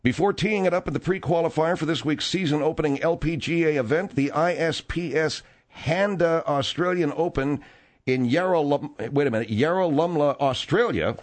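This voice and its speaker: A man's voice: a little high, moderate pace. A man hosting a comedy talk radio show, reading news items and bantering with exasperated humor. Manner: animated, exasperated, jokey. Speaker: radio host.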